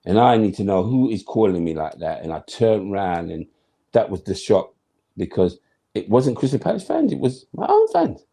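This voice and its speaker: Deep gravelly man telling stories. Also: very animated, normal speed, warm tone. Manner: acts out his own thoughts, slangy and emphatic. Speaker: guest, former footballer. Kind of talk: animated storytelling in conversation.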